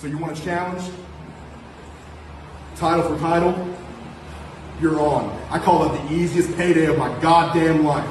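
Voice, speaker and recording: A man cutting a taunting, profane wrestling promo that builds to shouts. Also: a little high, fairly even intonation, unhurried, long pauses. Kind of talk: trash-talking wrestling promo. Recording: echoey room, faint noise.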